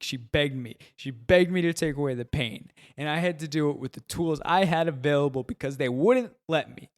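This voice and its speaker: A man voicing an older male convict who sobs drunkenly, loud and strained, in an audio story. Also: a little high, pitched above the performer's own voice, natural voice.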